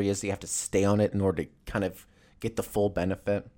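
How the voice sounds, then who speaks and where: Quick-paced and lowish in pitch, this man swears and wanders as he spins stories. It's a casual comedic rant, animated and meandering.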